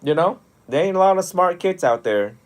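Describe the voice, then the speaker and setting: A young adult man, a monastic teacher, talking one on one in a lively storytelling way with frequent laughs. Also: high-pitched, moderate pace. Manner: animated storytelling, often laughing. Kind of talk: one-on-one mentoring talk.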